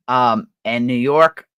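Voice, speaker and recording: A woman's voice: a bass voice, clear, resonant tone, no room sound. An older woman hosting a crafting livestream, chatting casually and rambling with fillers and laughter. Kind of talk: casual chat.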